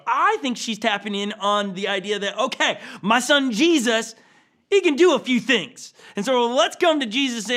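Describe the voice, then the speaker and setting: A man's voice: very high voice, lively intonation, moderate pace, bright, forceful tone. A man preaching a conversational sermon as a pastor, casual and playful, often checking in with "okay?" and filling with "like.". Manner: acts out quoted characters with a chuckle.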